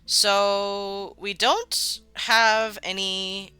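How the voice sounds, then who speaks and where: While building a game world on a live stream, a streamer chats casually, rambling, laughing often and swearing freely. The voice is mid-range and level, with drawn-out words and a bright, forceful, clear, resonant tone. There's no echo, just faint music behind.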